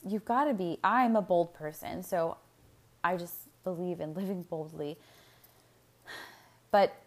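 A young woman hosting her own podcast, talking candidly in a casual solo monologue, swearing freely and filling her talk with "like" and laughs. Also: fairly low pitch. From United States. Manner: candid, profane, animated, with frequent fillers and laughs. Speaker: podcast host.

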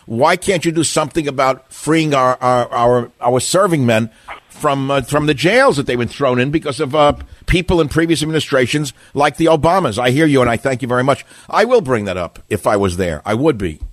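A man's voice: mid-range voice, brisk, no room sound. An older man hosting a call-in talk radio show, speaking in a combative, opinionated way with rambling asides.

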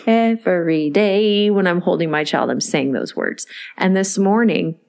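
A woman's voice: fairly low pitch, measured pace, creaky. A woman co-hosting a casual podcast, talking about her child. She tells her stories with energy and acts out the lines of the people in them. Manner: animated storyteller, acts out quotes. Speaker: podcast co-host. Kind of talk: casual chat.

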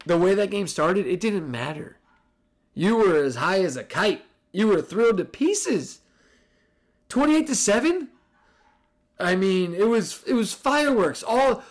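A man hosting a casual sports podcast, talking in a sarcastic, profane and excitable way. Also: on the high side. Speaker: podcast host.

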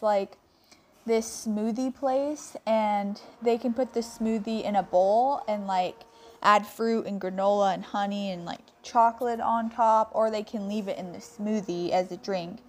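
A woman's voice: mid-range voice, darkish tone. A young woman giving a chatty, rambling travel update as a podcast co-host. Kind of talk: casual monologue.

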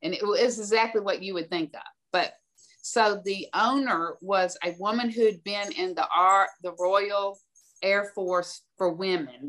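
A woman's voice: on the low side, a bit bright. Emphatic older woman telling stories. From American South. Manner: emphatic, storytelling, direct. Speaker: podcast guest. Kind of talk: conversational advice.

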